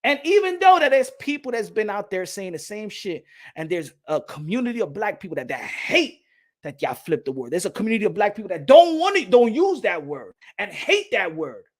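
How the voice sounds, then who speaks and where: A boxing channel host, a man with a high voice, rants heatedly to camera. He is profane and keeps repeating himself as he argues his point. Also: big pitch swings, moderate pace. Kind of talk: casual opinion rant to camera.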